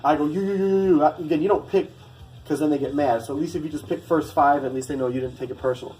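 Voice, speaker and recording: A man recounts his boot camp days to the camera in a loose, rambling way, swearing freely and breaking off into asides. His voice sits a little high for a man. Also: steady tone, fast talker, a little mellow, faint music behind, low-quality recording. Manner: rambling, profane, with many asides and fillers. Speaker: former Marine recruit telling a story. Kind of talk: casual storytelling vlog.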